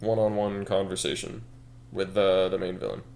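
Low-voiced man brainstorming, laughing. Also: normal speed. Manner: animated, laughing, acts out scenes. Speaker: podcast co-host. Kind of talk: casual brainstorming chat.

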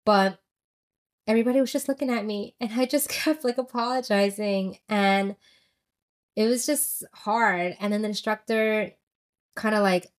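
A woman's voice: mid-range voice, steady tone, normal speed. Chatty young woman telling a story. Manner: chatty and candid, with many "like" fillers. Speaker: vlogger telling a personal story. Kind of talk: casual confessional storytelling.

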